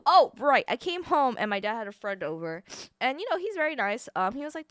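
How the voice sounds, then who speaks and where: Young woman streamer, clear and crisp, chatty and rambling with casual swearing, close and dry. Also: on the high side, big pitch swings, fairly bright tone, dry recording. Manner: rambling, swearing, quick self-corrections. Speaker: livestreamer.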